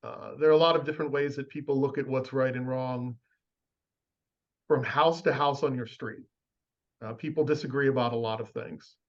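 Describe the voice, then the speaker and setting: A man speaking as a panelist, explaining his views on ethics and regulation in a measured way. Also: mid-range voice, fairly even intonation. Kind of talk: panel discussion. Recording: muffled lo-fi audio.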